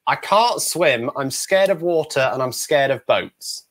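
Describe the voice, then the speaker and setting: A young English man in his twenties, a ventriloquist guest telling lively stories in a casual interview and acting out the voices in them. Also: medium pitch, a little slow. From England. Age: 20s. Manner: animated storyteller who acts out quotes.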